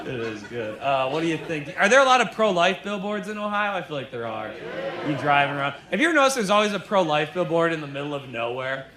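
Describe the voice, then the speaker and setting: Sarcastic stand-up guy roasting the crowd, kinda high voice, noisy club mic w/ laughs. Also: big pitch swings, fast. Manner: brash, sarcastic, shouts punchlines. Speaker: stand-up comedian. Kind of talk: stand-up set with crowd work. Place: comedy club stage with laughing audience. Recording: live club recording with audience laughter.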